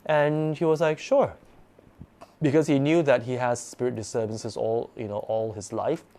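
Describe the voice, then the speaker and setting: Animated man telling a spooky story. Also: medium pitch, normal speed. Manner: animated, repeats words while telling. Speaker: guest storyteller. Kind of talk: casual spoken ghost story.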